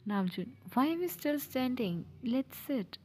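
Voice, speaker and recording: A woman voicing a calm, gentle middle-aged mafia father in a fan audio drama, speaking in a reassuring way. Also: high voice, unhurried, slight background noise.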